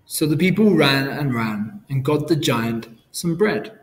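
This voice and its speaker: A man reading a children's story aloud, clearly and carefully, as a storyteller. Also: medium pitch, animated, unhurried, few pauses, a little hiss or hum.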